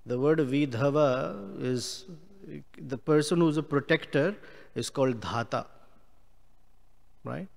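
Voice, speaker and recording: A man giving a scripture class, explaining Sanskrit words slowly with many pauses. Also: fairly high pitch, creaky, long reverb tail. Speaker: class speaker.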